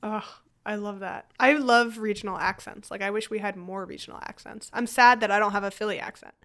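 A young woman hosting a podcast, chatty, playful and animated in casual conversation. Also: medium pitch, fairly quick. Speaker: podcast host. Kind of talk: casual chat.

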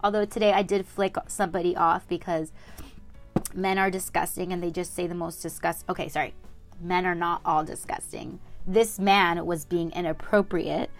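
Young female podcast host, casual upbeat rambling, lowish voice, soft music bed. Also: fairly even intonation, moderate pace. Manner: chatty, upbeat, lots of fillers. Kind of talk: casual solo podcast chat.

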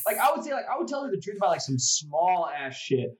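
A man chatting casually, an animated storyteller who swears a lot and laughs often. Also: high voice, fast, a crowd in the background, low-quality recording. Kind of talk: casual chat.

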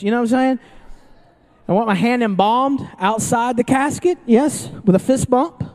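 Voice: mid-range voice, moderate pace, darkish tone. A pastor preaching to a live congregation in a casual, joking style, often restarting sentences and asking the crowd questions. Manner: conversational and joking, with frequent restarts; asks the audience questions. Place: church service before an audience, also streamed online.

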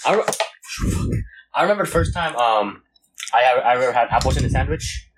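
A man's voice: medium pitch, lively intonation, fairly quick, slight background noise. A young man chatting casually as a podcast co-host, laid-back and slangy, with plenty of swearing. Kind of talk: casual chat.

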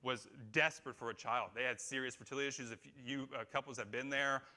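A man's voice: medium pitch, steady tone, fast, bright, forceful tone. A man preaching a sermon in a small church room, talking conversationally and putting questions to the people in front of him. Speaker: pastor.

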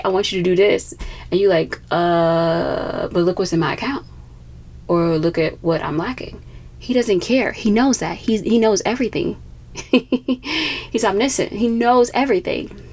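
A young adult woman hosting a podcast, telling a faith testimony in a fast, animated, casual way with frequent laughs. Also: medium pitch, gravelly. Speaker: podcast host.

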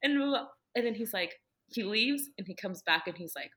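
A woman's voice: medium pitch, lively intonation, normal speed, fairly bright tone. A woman talking casually about her faith, telling earnest personal stories and filling her speech with "like". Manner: earnest storytelling, heavy use of "like".

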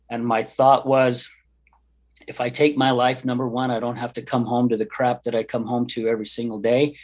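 A man's voice: medium pitch, little pitch movement, a little fast. Earnest middle-aged man sharing his story. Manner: earnest, heartfelt and candid. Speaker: podcast guest. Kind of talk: personal testimony in an interview.

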